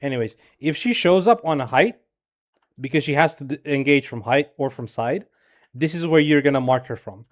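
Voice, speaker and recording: A man's voice: medium pitch, expressive. A man reviewing a player's gameplay as a coach, talking casually and criticizing bluntly and profanely, with lots of "bro" and "right?". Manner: filler-heavy rapid talk with frequent "bro" and "right?". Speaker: game coach.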